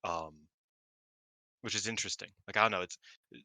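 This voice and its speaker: A man co-hosting a wrestling review podcast, chatting casually and excitably, swearing and rambling. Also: on the low side, brisk, dry recording. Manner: excitable, swears, long-winded, laughs often. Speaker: podcast co-host.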